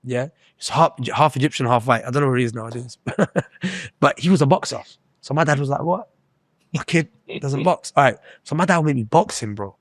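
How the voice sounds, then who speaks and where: A man, telling stories in a lively, slangy way in a casual podcast chat. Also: medium pitch, a little fast, no echo, studio quality. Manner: animated, storytelling, slangy. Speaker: podcast co-host.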